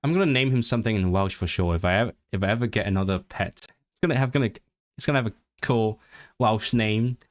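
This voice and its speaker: A man with a fairly low pitch talks at a quick pace during a relaxed language-learning livestream. He reads chat, thinks aloud with many false starts, and tries learner's Welsh with lively intonation. English is his first language, and he uses a desk microphone.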